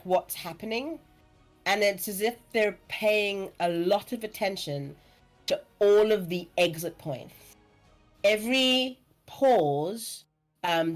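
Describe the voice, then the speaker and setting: A woman narrating as dungeon master in a relaxed, chatty way, full of fillers and asides. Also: medium pitch. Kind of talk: narrating a tabletop game.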